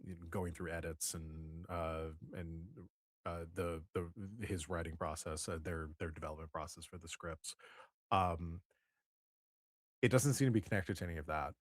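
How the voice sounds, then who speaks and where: A man with a fairly low voice narrates a tabletop game as its game master. He pauses often, restarting his sentences. The sound is close and dry. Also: steady tone, no echo. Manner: halting, many fillers and restarts.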